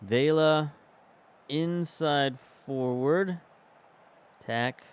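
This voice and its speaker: Male game streamer, casual play-by-play while thinking aloud, fairly high and smooth voice, slightly dull lo-fi recording. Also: very slow. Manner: chatty, thinks aloud while managing the match. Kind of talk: casual commentary while playing.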